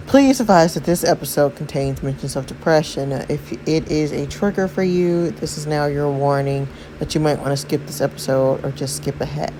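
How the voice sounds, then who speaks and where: Low-voiced chatty woman gamer. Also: moderate pace, few pauses, dark tone, a little hiss or hum, poor audio. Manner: chatty, rambling, with many fillers and self-corrections. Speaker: gaming channel host. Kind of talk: casual story recap and gameplay narration.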